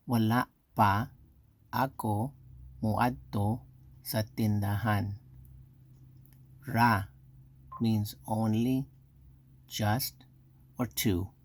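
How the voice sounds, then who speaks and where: A man teaching a language lesson, reading out each example phrase and repeating it slowly and deliberately. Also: fairly low pitch, vocal fry. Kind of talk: slow scripted language lesson.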